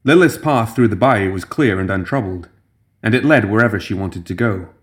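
A man reading a dark fantasy story aloud in measured, even scripted narration. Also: on the low side, music in the background.

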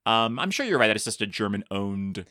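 A podcast co-host reads out a film plot in easy, joking chat, often restarting sentences. The pitch swings widely up and down. The voice sounds close and dry. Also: sing-song, brisk, sharp tone, no room sound. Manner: chatty, jokey, many restarts and "like".

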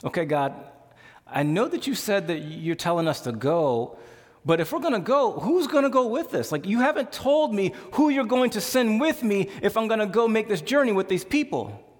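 An earnest, pleading Moses who talks in casual, everyday phrases, as a preacher puts him on. The voice sits fairly high and rings with a long hall reverb. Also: male voice, expressive, normal speed. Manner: casual, modern paraphrase with fillers. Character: Moses, earnest man pleading with his god.

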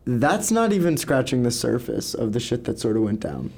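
A young man co-hosting a casual podcast and spinning long, rambling anecdotes. He swears freely and talks at an ordinary, mid-range pitch. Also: very animated, normal speed, a little mellow. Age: young adult. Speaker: podcast co-host.

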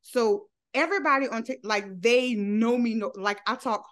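Here a woman with a fairly high voice speaks at a normal speed as the guest on a relaxed interview. She's a social media creator, chatty and open about her life, her sentences running together between frequent bursts of laughter.

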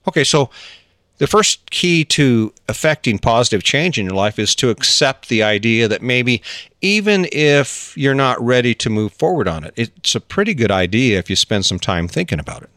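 A man's voice: mid-range voice, big pitch swings, normal speed, a bit bright, no echo, studio quality. A man hosting a solo motivational podcast, talking earnestly and rambling, with many restarts as he acts out inner voices. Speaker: podcast host.

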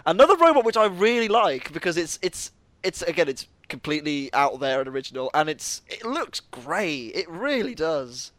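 Excitable man with a lively, bouncy voice. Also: fairly high pitch. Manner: excitable, stammering repeats, quick laughs. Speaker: podcast co-host. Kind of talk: casual chat.

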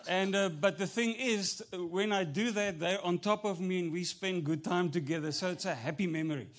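A man from South Africa whose first language is Afrikaans, preaching a light-hearted sermon with an Afrikaans accent, mixing in Afrikaans words and rising to loud, emphatic delivery. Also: high voice, normal speed. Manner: jokey, switches between English and Afrikaans, builds to loud preaching. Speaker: pastor. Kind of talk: humorous sermon.

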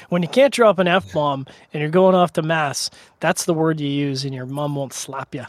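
A man co-hosting a casual tasting chat over a video call, playful and quick to laugh. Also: on the high side, no room sound. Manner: chatty, playful, laughs easily. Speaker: co-host of a drinks tasting show.

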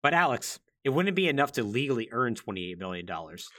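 A man with a medium-pitched, bit-bright voice, big pitch swings and a slightly fast pace hosts a podcast. It's a casual gaming-history chat, chatty and sprinkled with "like" and wry asides.

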